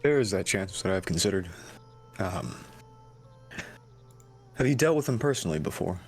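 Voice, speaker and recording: A man playing a polite, measured male bard who asks questions deadpan. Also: deep voice, slightly rough, soft background music, exaggerated voice. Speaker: player.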